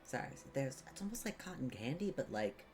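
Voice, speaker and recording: A man's voice: medium pitch, big pitch swings, fairly quick, darkish tone, slight background noise. A man running a tabletop game as game master, narrating in a rambling, hesitant way with many fillers.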